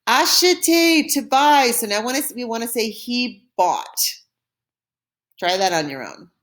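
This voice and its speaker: A woman's voice: fairly high pitch, sing-song, unhurried. A woman teaching a recorded French lesson, explaining step by step with patience and modeling pronunciation for learners to repeat.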